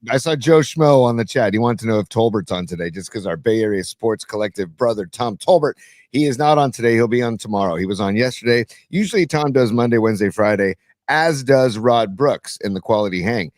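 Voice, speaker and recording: A man co-hosting a sports talk show, relaxed and full of sports trivia in casual banter. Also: on the low side, fairly quick, dry recording, studio quality. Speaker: podcast co-host and youth coach.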